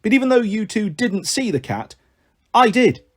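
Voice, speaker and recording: A man's voice: sits high, big pitch swings, normal speed, pitched above the performer's own voice. A man voicing a hesitant female sheep in a storybook reading. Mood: uncertain.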